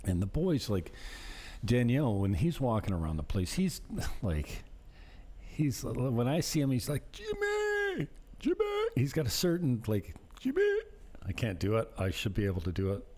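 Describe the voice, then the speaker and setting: A man's voice: lowish voice, big pitch swings, measured pace, pauses often, warm tone. A man vlogging casually to camera, rambling through stories about renting out his property and laughing now and then. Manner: rambling, conversational, laughs while telling stories.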